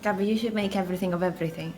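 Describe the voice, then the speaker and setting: A woman's voice: on the low side, fairly even intonation, racing, darkish tone, faint music behind. A woman playing in a tabletop game, playful and enthusiastic, laughing often. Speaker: player. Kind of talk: casual tabletop play.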